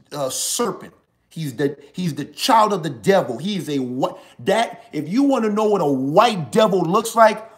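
Impassioned man preaching on a live stream. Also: fairly high pitch. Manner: preachy, swings from hushed to forceful, repeats lines. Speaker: live show host.

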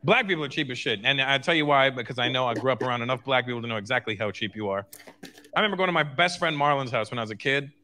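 A man performing a stand-up comedy routine, telling animated stories and slipping into acted voices. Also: mid-range voice, very fast.

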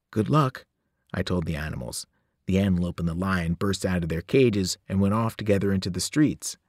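A man, a teacher, reading a novel aloud with expressive storytelling. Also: lowish voice, dry recording, clean studio sound.

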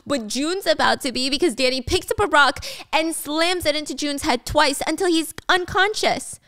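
A woman's voice: high-pitched, moderate pace, sharp tone, no echo, studio quality. A young woman hosting a storytime podcast, narrating a dramatic story with casual, wry asides.

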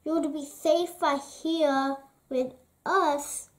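A woman's voice: high-pitched, fairly even intonation, drawn-out words. A woman voicing a blunt, proud little robber girl from a storybook.

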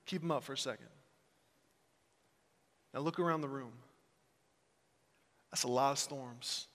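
Emphatic pastor in a reverberant hall. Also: male voice, medium pitch, unhurried. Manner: swings from hushed reflection to loud emphatic delivery. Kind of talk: sermon. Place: large church hall.

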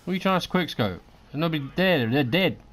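A man's voice: on the high side, expressive, fast talker, a bit bright, slight background noise. A man giving live gameplay commentary, swearing and trash-talking as he reacts to the match. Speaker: gaming commentator.

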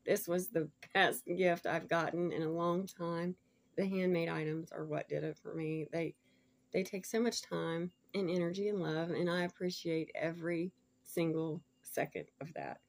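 A woman's voice: lowish voice, steady tone, moderate pace, gravelly. Gushing woman. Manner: gushing, effusive, laughs often, drops to soft murmurs over stones. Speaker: vlogger showing a gift package. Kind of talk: casual unboxing chat to viewers.

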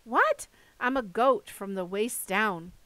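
A woman voicing a touchy, jittery young satyr boy, half goat, with a high nervous edge in an audiobook reading. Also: measured pace, a bit bright, no room sound, lightly acted. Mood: indignant. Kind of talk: audiobook character voice.

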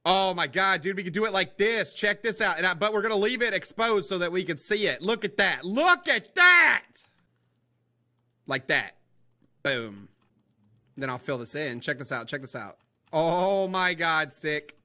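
A young man giving rambling, excitable commentary while playing a game, talking to his viewers as guys and boys. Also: high-pitched, a little fast, hardly any pauses. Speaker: gaming video host. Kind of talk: casual let's-play commentary.

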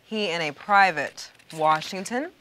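A woman's voice: fairly low pitch, expressive, a little slow, a bit bright, a little hiss or hum, low-quality recording. An actress playing a stern female military prosecutor in a formal, pressing cross-examination. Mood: prosecuting. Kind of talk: courtroom drama acting.

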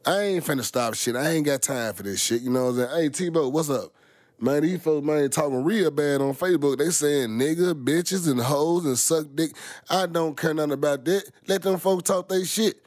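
A man's voice: a little high, normal speed, a little mellow, no echo, studio quality. A middle-aged man, rambling casually to his viewers, full of slang and swearing. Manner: profane, rambling, heavy slang. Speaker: vlogger.

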